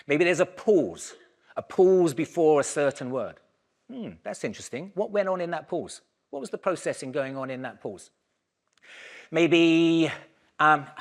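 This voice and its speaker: A keynote speaker with a medium-pitched voice addresses a conference in a lively, conversational manner. He raises his voice when giving the audience instructions.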